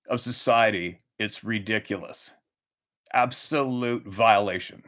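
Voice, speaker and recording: A man's voice: fairly low pitch, slow, fairly bright tone. A man hosting his own channel, delivering an angry, profane monologue full of restarts and rhetorical questions. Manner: heated, profane, repetitive ranting. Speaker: channel host.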